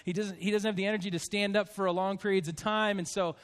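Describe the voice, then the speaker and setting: A man in his fifties, a pastor addressing his church congregation in a heartfelt, halting way, choked up with emotion. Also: high-pitched, fairly even intonation.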